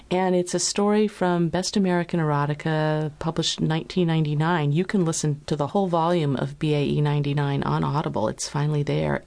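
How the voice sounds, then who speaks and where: Playful low-voiced woman reading a story as host. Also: darkish tone. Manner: playful, laughing.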